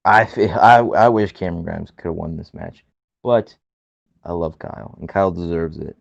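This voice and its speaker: A man co-hosting a podcast in casual chat, talking in an excitable, gushing way. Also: low-pitched, normal speed, creaky, no echo. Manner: excitable, gushing fan talk. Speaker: podcast co-host. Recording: dull lo-fi sound.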